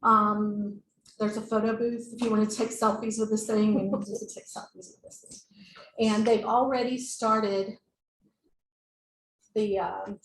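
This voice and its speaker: A woman's voice: medium pitch, level tone, a little slow. Woman, staff presenter, meeting room, roomy echo, faint hiss. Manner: informal, with fillers and self-corrections. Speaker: staff member presenting to a board. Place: boardroom. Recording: echoey room mic, faint noise.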